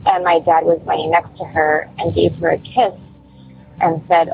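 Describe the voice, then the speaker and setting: A woman calls in over a tinny phone line, her low voice gravelly with fry. She rambles through her story, full of "like" and "um". A faint hiss sits under her voice. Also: little pitch movement, moderate pace. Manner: rambling, many fillers like "like" and "um". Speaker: caller.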